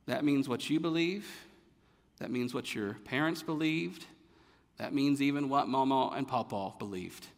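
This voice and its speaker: A pastor preaching a sermon, building to emphatic rhetorical questions and then dropping to a quiet, low delivery. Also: male voice, normal speed, vocal fry. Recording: long hall reverb.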